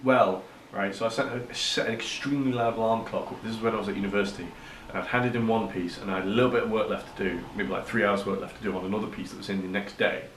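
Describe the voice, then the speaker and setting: A man's voice: lowish voice, steady tone, fast talker, few pauses, fairly bright tone, roomy sound, slight background noise. A young man from Cheshire chatting on a vlog, rambling through an anecdote and laughing as he goes. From Cheshire, England. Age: young adult. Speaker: vlogger. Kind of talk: casual chat.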